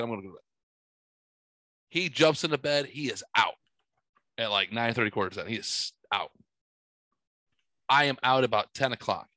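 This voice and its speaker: In a rough recording with no room sound, a medium-pitched man in his 40s tells a long story in casual chat. He rambles, swears a lot, and tells it with animation.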